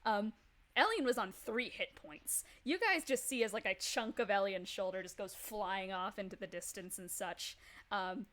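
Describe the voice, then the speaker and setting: A woman narrating a tabletop role-playing session as game master, casual and quick to laugh. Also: medium pitch. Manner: casual, laughs often, lots of fillers.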